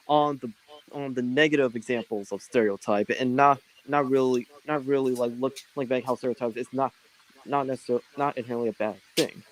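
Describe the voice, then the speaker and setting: A man from California chatting on a stream panel, halting with many restarts. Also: medium pitch, rough recording. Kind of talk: casual podcast chat.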